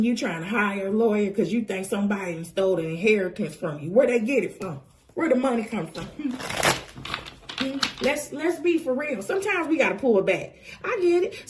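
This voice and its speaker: A woman's voice: on the high side, a little mellow. A woman giving a casual tarot reading, talking bluntly and sassily with profane, preachy asides. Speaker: tarot reader.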